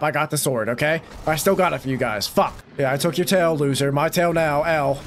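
A young man giving gameplay commentary, swearing and bursting into frustrated shouts. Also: on the high side, fairly quick, few pauses, slight background noise. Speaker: gaming YouTuber.

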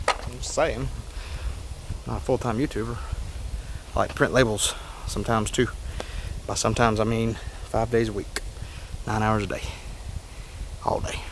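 A man hosting an outdoor fishing and cooking vlog near a pier, talking in an excitable, joking, folksy way. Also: medium pitch, a little hiss or hum. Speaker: fishing vlogger, host.

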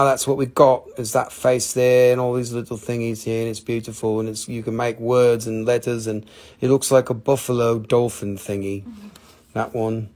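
A man's voice: medium pitch, darkish tone. Joking man in his forties hawking stones. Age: 40s. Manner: playful, rambling, jokey, swears casually. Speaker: host of a live gemstone sales stream. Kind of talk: casual live-stream sales chat.

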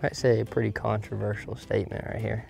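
A young man chatting casually on a golf course, laughing often and reacting excitedly to shots. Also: on the low side, fairly quick, gravelly, soft background music. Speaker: golf video host.

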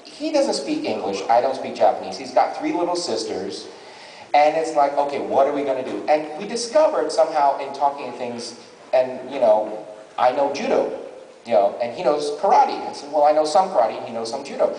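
A man doing live comic storytelling as a stand-up comedian in a large convention hall, with an animated delivery. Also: mid-range voice, normal speed, a little hiss or hum. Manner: animated, jumps into character voices. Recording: echoey hall from far off.

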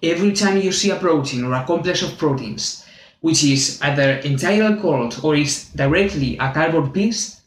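A man with a Spanish accent giving a clear, methodical university biology lesson as the channel's teacher. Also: a little high, moderate pace. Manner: clear, methodical, friendly explaining. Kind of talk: university lecture explaining with drawings. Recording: echoey room.

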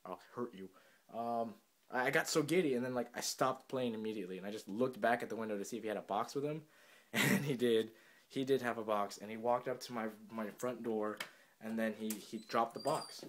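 A young man chatting casually to his camera at home, giddy and jokey with quick asides. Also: medium pitch, a little hiss or hum. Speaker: vlogger. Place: home room, indoors.

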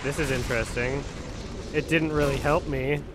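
A man playing a video game on stream, chatting casually, animated and swearing, muttering at times and shouting at others. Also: a little high, moderate pace, very noisy. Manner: animated, swears and laughs, swings between mutters and outbursts. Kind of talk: casual gaming stream chat.

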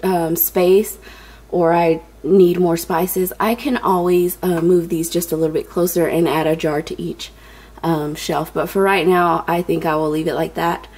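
Young woman vlogger, slightly breathless, low-ish voice, chatty and filler-heavy. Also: steady tone, unhurried, a little mellow. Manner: chatty, many ums, addresses viewers as you guys. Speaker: home organization vlogger. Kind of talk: casual tutorial narration.

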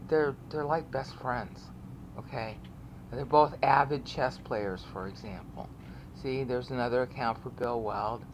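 With an extremely low-pitched voice and a touch of hiss or hum, a woman casually guides viewers through online resources on a screen share. She rambles, repeats words, and keeps checking in with "okay?"

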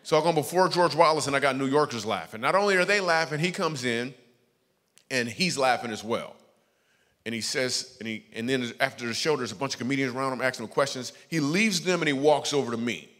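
A man doing stand-up storytelling as a guest comedian, lively, acting out the voices of people in his stories. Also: medium pitch, a little fast. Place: church stage before a live audience. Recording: echoey church hall.

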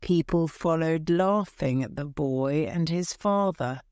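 A woman narrating a graded-reader audiobook in clear, deliberate storytelling. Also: low voice, darkish tone, no echo, studio quality.

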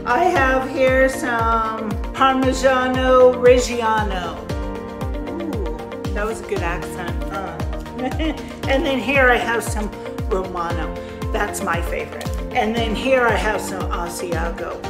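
Slow-talking playful woman cooking. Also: mid-range voice, reverberant, over music. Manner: playful, self-described silly, chatty asides to viewers. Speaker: cooking vlogger. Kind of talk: casual cooking demonstration. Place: cabin kitchen.

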